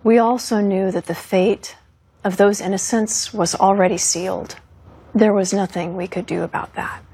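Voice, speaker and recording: A former fighter pilot, a woman in her fifties, tells her story in an interview with earnest, steady resolve. She speaks at normal speed in a husky, medium-pitched voice.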